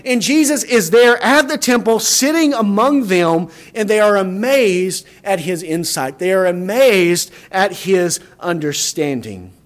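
A man preaching a sermon in an earnest, explaining manner, often repeating words as he builds a point. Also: extremely high pitch.

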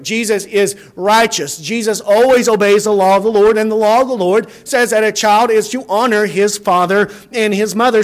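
A man preaching a sermon in an earnest, explaining manner, often repeating words as he builds a point. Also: sits high.

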